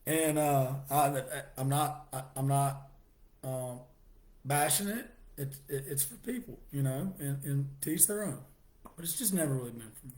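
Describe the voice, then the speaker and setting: A middle-aged man giving a halting personal testimony, restarting his sentences and laughing softly now and then. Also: mid-range voice.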